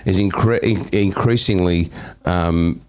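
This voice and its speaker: A man's voice: low voice, slow, a little mellow. A man with an Australian accent hosting a casual live-stream interview, thinking aloud in long rambling sentences. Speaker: host.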